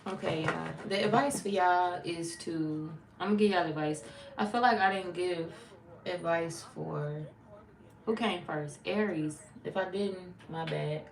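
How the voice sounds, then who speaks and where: A woman's voice: fairly low pitch, unhurried, creaky, crowd noise, rough recording. A woman reading tarot in a casual, blunt, chatty way, swearing freely. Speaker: tarot reader. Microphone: phone.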